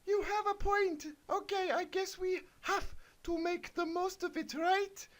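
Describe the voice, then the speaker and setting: A man voicing a timid female pony who has turned into a spider, in a squeaky, whiny falsetto. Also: steady tone, measured pace, fairly bright tone.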